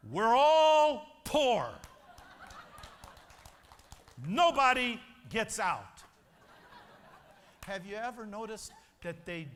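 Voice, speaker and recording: Man, motivational speaker, emphatic storytelling, high lively pitch, convention hall. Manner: emphatic, preacher-like storytelling with acted voices. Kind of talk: motivational speech to a convention audience. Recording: long hall reverb.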